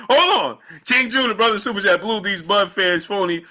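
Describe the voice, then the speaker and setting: Male livestream boxing host, high lively voice with a very bright edge, hypes the chat. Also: normal speed. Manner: animated, hypes the audience, shouts out chat names. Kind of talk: livestream commentary reading chat.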